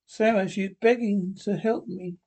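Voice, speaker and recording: A man's voice: high voice, steady tone, measured pace, a little mellow. A man reading the part of a frail, frightened young woman haunted by a witch in an old radio play, with an anxious, pleading manner.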